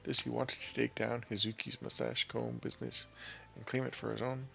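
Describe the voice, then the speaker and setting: A man's voice: medium pitch, little pitch movement, brisk, gravelly, a bit bright, faint music behind. A man voicing a theatrical male TV news reporter who delivers gossip as if it were a tragedy. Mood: melodramatic. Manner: overwrought, theatrical.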